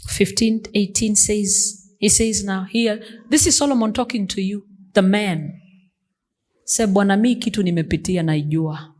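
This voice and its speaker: A woman's voice: mid-range voice, a little slow, a little mellow. A woman pastor, preaching an emphatic sermon that mixes English and Swahili.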